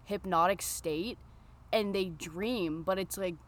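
A young woman telling stories in a chatty, animated way, full of "like" fillers. Her voice sits a little low for a woman. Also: slow pace. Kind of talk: casual chat.

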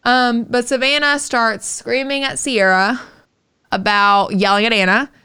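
A woman's voice: on the high side, unhurried, clean tone. A woman co-hosting a podcast, telling a story in casual chat with lots of swearing. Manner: animated, profane storytelling. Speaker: podcast co-host.

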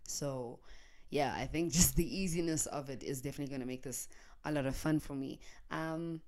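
Young South African woman, deep-pitched, animated casual storyteller, drops in Zulu slang, solo podcast from her bed. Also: moderate pace. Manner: animated, laughs often, mixes in Zulu slang. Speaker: podcaster and YouTuber. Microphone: handheld microphone.

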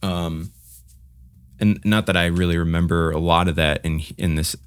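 Low-voiced man rambling about music. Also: fairly even intonation, normal speed, smooth, no echo, clean studio sound. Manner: rambling, many fillers and restarts, hums riffs. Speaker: podcast co-host. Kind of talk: casual music review chat.

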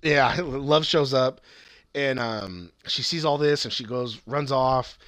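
A man's voice: mid-range voice, slow pace, fairly bright tone, dry recording, studio quality. Rambling young man recapping a show. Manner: rambling, profane, acts out quotes. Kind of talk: casual chat recapping a TV series.

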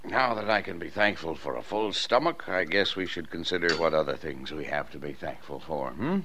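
A man playing an affectionate middle-aged father in a 1950s radio drama, gently teasing. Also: deep voice, moderate pace, a little hiss or hum. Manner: fond, teasing. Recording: dull lo-fi old radio recording.

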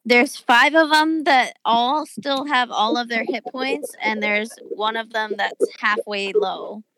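A woman's voice: on the high side, slow, fairly bright tone, dry recording, poor audio. A woman running a tabletop game as game master, chatty and full of small hesitations.

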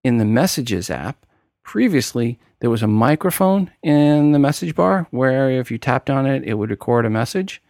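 A man's voice: mid-range voice, lively intonation, moderate pace, darkish tone, no room sound, clean studio sound. A man hosting a tech podcast with a New York accent, talking casually and explaining steps one by one. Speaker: podcast host.

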